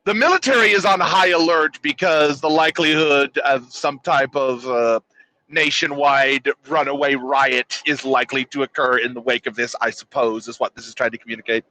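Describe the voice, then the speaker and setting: A man's voice: mid-range voice, moderate pace, bright, forceful tone, low-quality recording. A man co-hosting a casual podcast, throwing in wry, joking asides. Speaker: podcast co-host. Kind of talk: casual chat.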